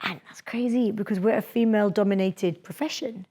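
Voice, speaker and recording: A young adult woman leading a live public speaking workshop in a lecture room, talking in a lively, chatty way and laughing often. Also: medium pitch, fairly quick.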